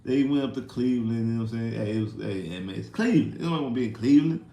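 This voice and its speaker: A mid-pitched man rants into a desk mic about sports, exasperated and full of slang. He keeps repeating himself and swings between loud bursts and low mutters. His voice bounces around a reverberant room. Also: very fast. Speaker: livestream host. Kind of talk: casual sports rant.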